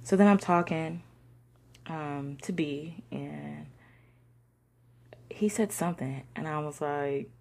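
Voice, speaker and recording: A young woman telling a personal story in a slangy, conversational way, sometimes dropping into soft whispers. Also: low-pitched, slow, gravelly, long pauses. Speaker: discussion participant.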